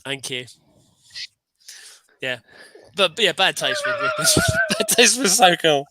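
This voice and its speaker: Man, casual chat, enthusiastic, rambling, bright forceful voice, dry close sound. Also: high voice, huge pitch swings, slow, no echo. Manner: enthusiastic, rambling with many restarts. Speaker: livestream co-host.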